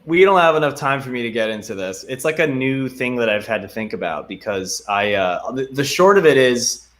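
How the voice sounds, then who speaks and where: Bright-voiced young man on a video call. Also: medium pitch, expressive, brisk. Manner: reads donor names with many ums and uhs, warm and grateful. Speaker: guest actor. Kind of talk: casual video-call chat.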